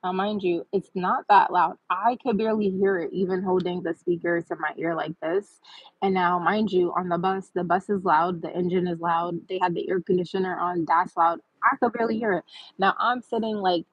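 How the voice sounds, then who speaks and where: A woman and mother hosting her own channel, telling a chatty, animated storytime with laughs. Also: on the low side, normal speed, slightly rough, no room sound, muffled recording. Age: adult with a child. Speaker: vlog host. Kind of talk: casual storytime.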